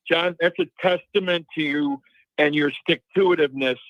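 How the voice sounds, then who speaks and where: A man's voice: on the high side, fairly bright tone, no room sound. A man from Chicago calling in to a show, speaking earnestly and emphatically. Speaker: caller. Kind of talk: call-in opinion. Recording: dull dry phone line.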